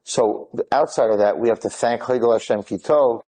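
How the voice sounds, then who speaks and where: A man, retelling stories in an excited, rambling way, mixing in Hebrew and Yiddish words. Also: medium pitch, normal speed. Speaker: speaker telling inspirational stories. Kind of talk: animated storytelling talk.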